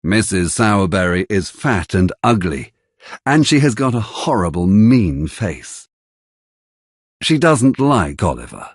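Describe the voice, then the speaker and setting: A man narrating a graded-reader storybook slowly and carefully, with an expressive, husky voice. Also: fairly low pitch, no room sound, clean studio sound. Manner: careful, deliberate, expressive delivery. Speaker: audiobook narrator.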